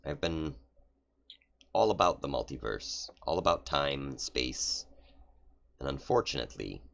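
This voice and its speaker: A man voicing a grave, measured woman who travels through time. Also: very deep voice, lively intonation, creaky, fairly bright tone, dull audio, full character voice.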